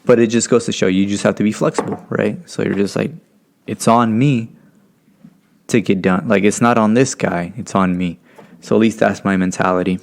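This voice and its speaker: A man's voice: fairly low pitch, normal speed, gravelly. A young man from California telling a long story casually, rambling a bit and acting out the voices of the people in it. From California, USA. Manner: relaxed, rambling, acts out quoted voices. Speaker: podcast guest.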